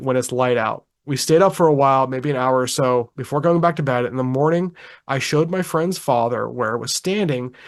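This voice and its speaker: A man co-hosting a podcast in casual chat, reading a witness account aloud in a relaxed, chuckling way with frequent ums and restarts. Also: on the high side. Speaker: podcast co-host.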